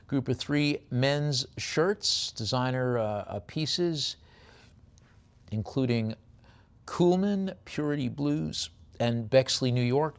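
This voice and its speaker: A man running a live auction, his voice rough with gravel. He rattles off bids fast and drifts into chatty remarks about the lots. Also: medium pitch. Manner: rapid bid calling with chatty asides.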